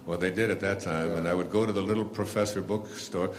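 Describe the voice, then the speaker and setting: A man's voice: deep voice, steady tone, brisk. An older man, an author telling a rambling story to an audience, full of fillers and restarts. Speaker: author and speaker.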